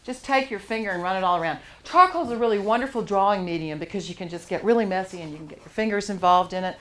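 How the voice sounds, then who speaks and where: A woman's voice: mid-range voice, fast talker. Encouraging woman teaching a drawing class. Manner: encouraging, laughs often. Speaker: art teacher. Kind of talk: live charcoal drawing class.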